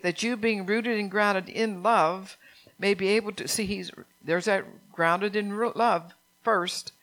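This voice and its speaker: A woman's voice: medium pitch, a bit bright. Older woman preaching a sermon. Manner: earnest, emphatic, reads scripture aloud, asks the congregation questions.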